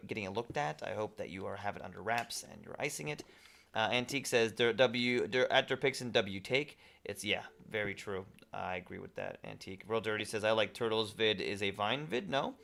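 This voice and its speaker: A man's voice: fairly low pitch, a little fast, vocal fry, a bit bright. A young man streaming a game, reading viewer messages aloud and chatting back casually. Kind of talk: casual live-stream chat.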